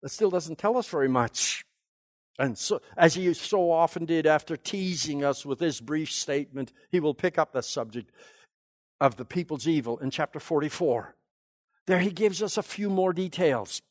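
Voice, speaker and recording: High-voiced man giving an emphatic lecture. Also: animated, normal speed, no echo, studio quality. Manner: emphatic, asks rhetorical questions. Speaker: Bible lecturer. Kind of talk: teaching lecture.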